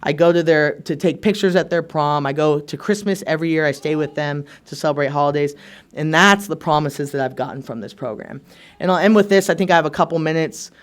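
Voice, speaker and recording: A man's voice: fairly high pitch, a little fast. Earnest young man sharing his story. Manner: casual and candid, peppered with "like" and "right?"; earnest, emotionally open storytelling. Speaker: speaker at a recovery meeting. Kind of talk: personal testimony share.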